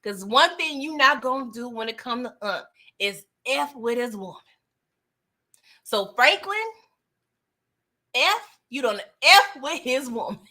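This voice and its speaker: A woman casually recapping a TV episode in slangy, animated talk, laughing often. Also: high-pitched, a little slow, pauses often. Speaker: TV recap host.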